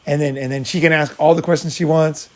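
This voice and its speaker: A man's voice: fairly high pitch, flat delivery, fast talker, a little mellow. A man talking casually as a dating coach, blunt and profane, acting out both sides of a breakup. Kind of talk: casual talk with acted-out scenes.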